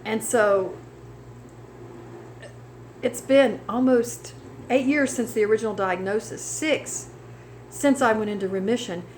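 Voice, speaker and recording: A woman with a somewhat high voice tells her personal testimony of healing. She speaks earnestly and slides into a preaching cadence full of scripture. A faint background noise sits under her voice. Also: poor audio. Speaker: cancer survivor giving testimony.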